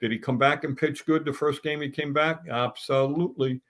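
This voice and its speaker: A man's voice: on the high side, fairly even intonation, normal speed, fairly bright tone. A middle-aged man on a sports talk round table, ranting bluntly and stumbling through restarts as he builds his points.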